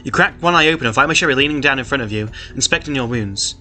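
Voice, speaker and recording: A man reads a story aloud in a casual, chatty way, breaking off often to add his own comments. His voice is bright and forward, with faint music playing in the background. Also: mid-range voice, fast. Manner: chatty, laughs often, comments between passages. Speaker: reader of an online story.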